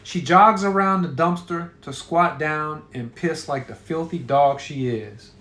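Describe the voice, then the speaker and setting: Guy telling a crude story, swears a lot, kinda high voice, echoey room. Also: unhurried, fairly bright tone. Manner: profane and offhand.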